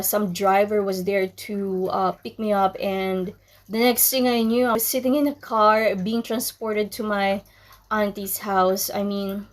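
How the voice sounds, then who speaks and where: A young woman from the Philippines telling a personal story to her viewers, candid and chatty, full of ums and likes. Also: mid-range voice. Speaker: vlogger. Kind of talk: casual storytelling to camera.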